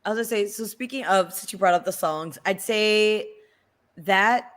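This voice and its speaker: A woman's voice: mid-range voice, normal speed, fairly bright tone. A woman co-hosting a casual podcast chat, gushing and effusive. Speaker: podcast co-host.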